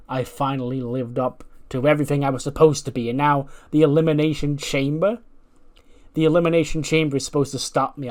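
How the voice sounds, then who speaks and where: A man's voice: mid-range voice, natural voice. A man voicing a defiant female wrestler cutting a boastful title promo for a wrestling game. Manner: boastful, taunting rivals.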